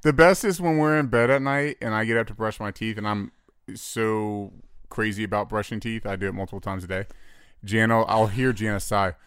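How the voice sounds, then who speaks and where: A man in his thirties co-hosts a podcast, telling stories with lively mimicry. His voice is lowish and smooth, close and dry on the mic. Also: brisk, no room sound. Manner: animated storyteller, mimics voices. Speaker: podcast co-host. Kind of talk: casual chat.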